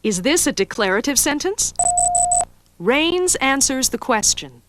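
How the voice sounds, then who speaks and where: Lively woman quiz narrator. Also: sits high, unhurried, loud music behind the voice. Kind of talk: scripted educational narration.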